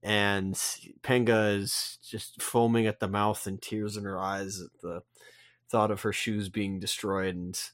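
Somewhat low-voiced male co-host, jokey and quick to correct himself, dry close recording. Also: level tone, a bit bright, no room sound. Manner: joking, with self-corrections. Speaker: podcast co-host. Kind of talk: casual chat recapping a comic.

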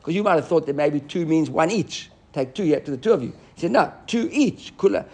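A man teaching a Talmud class, animated and often restarting as he explains. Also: fairly high pitch, fast, breathy edge. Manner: animated, restarts often, mixes Hebrew and Aramaic terms.

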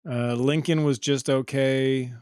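A man's voice: medium pitch, fairly even intonation, slow, a little mellow, clear, resonant tone, no echo, studio quality. A man co-hosting a casual chat, blunt and opinionated, swearing now and then. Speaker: podcast co-host.

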